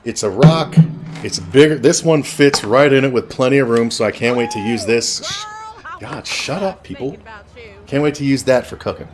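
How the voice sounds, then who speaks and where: A man's voice: medium pitch, moderate pace. A man telling a rambling personal story in a blunt, casual way with frequent swearing, while streaming a game. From Canada.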